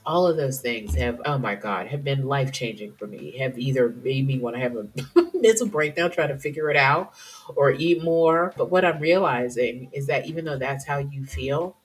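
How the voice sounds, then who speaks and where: Low-voiced candid woman podcast host. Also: husky. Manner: candid, emotional, chatty with self-interruptions. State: teary at times. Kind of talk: personal podcast monologue.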